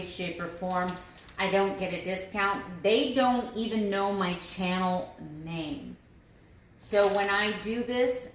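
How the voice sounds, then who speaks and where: A woman's voice: medium pitch, echoey room, slight background noise. A woman talking to camera in a casual daily vlog, earnest and emphatic, stressing her points by repeating phrases. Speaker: vlogger.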